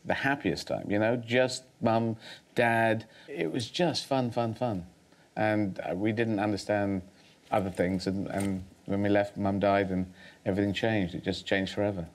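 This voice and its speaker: A man's voice: on the low side, fairly even intonation, unhurried. A man as a guest on a talk show, speaking thoughtfully, rambling, with many restarts.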